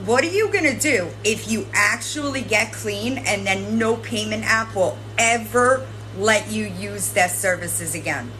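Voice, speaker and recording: A woman's voice: mid-range voice, measured pace, few pauses, pushed and bright, faint music behind, low-quality recording. A woman host lecturing and scolding someone directly, swearing and tagging her points with "right?". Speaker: commentary channel host. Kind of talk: confrontational commentary addressing a streamer.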